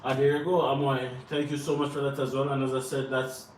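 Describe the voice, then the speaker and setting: A man's voice: mid-range voice, level tone, fairly quick. A Jamaican man co-hosting a live Q&A, giving earnest advice to viewers and repeating points for emphasis. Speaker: co-host answering viewer questions. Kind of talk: live Q&A chat. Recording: roomy and distant from the mic, faint noise.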